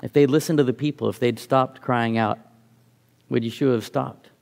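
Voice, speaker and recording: A man's voice: mid-range voice, steady tone, normal speed, creaky, darkish tone. A middle-aged man giving a reflective sermon, reading scripture aloud and often restarting his phrases. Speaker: preacher.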